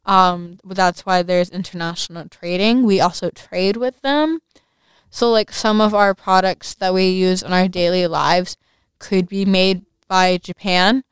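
A woman's voice: fairly low pitch, steady tone, a little slow, smooth, no room sound. A young woman with a lisp hosting a casual solo podcast, rambling with many fillers and restarts. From United States. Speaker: podcast host.

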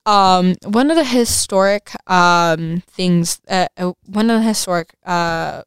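Brief: teen girl podcaster with a lisp, slow unhurried delivery, very clear voice, dry close sound. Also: fairly low pitch, no echo. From United States. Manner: rambling, many fillers and restarts. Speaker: podcast host. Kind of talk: casual solo podcast.

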